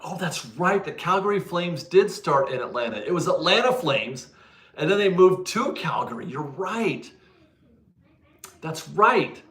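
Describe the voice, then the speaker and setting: A man's voice: on the high side, lively intonation, measured pace, fairly bright tone, roomy sound. A man hosting a casual livestream, chatting, laughing often and correcting himself as he answers viewers. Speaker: livestream host reading viewer donations.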